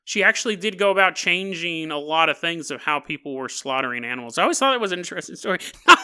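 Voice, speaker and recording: A man's voice: a little high, animated, fast, sharp tone, smooth. A man hosting a podcast, rambling casually through a story with jokes and frequent laughter. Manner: rambling, jokey, laughs often mid-sentence. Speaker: podcast host. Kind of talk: casual solo podcast monologue.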